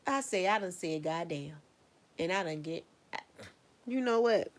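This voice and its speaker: A woman's voice: on the low side, lively intonation, unhurried. Woman musing aloud on a livestream. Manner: rambling, musing aloud, laughs at her own thoughts; talks straight to viewers, asking them questions. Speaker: artist live streaming while painting earrings. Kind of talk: casual livestream chat.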